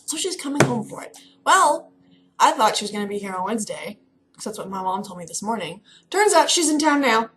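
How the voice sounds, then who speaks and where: Young woman, chatty and excitable, rambling casual vlog talk, faint hiss behind. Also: a little high, fairly quick. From Kentucky. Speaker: vlogger. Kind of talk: casual chat.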